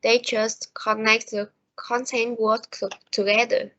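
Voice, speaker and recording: A young woman with a Vietnamese accent reading a class presentation slowly and carefully, with small slips and restarts. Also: fairly high pitch, little pitch movement, bright, forceful tone. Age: young adult. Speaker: student presenter. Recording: dull lo-fi home recording.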